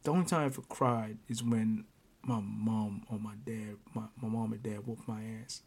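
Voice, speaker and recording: Animated man telling a story with laughs. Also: fairly low pitch, normal speed, creaky, breathy edge. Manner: animated, laughing often, stammering restarts. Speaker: podcast host. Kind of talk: casual storytelling.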